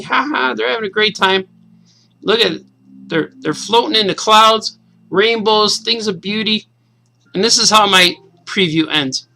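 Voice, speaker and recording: A man in his forties, a cartoonist, casually and excitedly reading his comic aloud to kids. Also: sits high, gravelly, slight background noise, rough recording. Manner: enthusiastic, casual, says "man" a lot.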